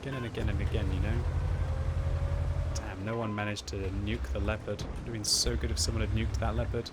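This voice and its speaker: A man's voice: lowish voice, flat delivery, fairly quick. Chatty gamer man with game noise behind. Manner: chatty, thinks aloud, bursts into loud frustrated yelling. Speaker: gaming video host. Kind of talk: live gameplay commentary. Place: upstairs room at home.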